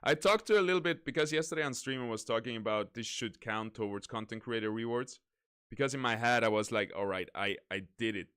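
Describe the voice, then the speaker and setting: Smooth-voiced man chatting on stream. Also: medium pitch, fast. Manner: relaxed, rambling, self-correcting. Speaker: game streamer. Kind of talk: casual stream chat.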